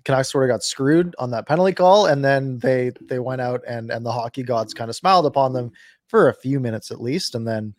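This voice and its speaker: This man co-hosts a sports podcast, rambling loosely through recent games with a dry, sarcastic edge. His mid-range voice moves at a brisk clip. It's recorded close in a dead, dry space with no room sound at all.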